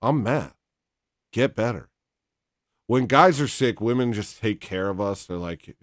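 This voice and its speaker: A man hosting a casual livestream, reading donations and rambling in a deadpan, teasing, self-mocking way. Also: fairly low pitch, a little slow, long pauses, dry recording, clean studio sound.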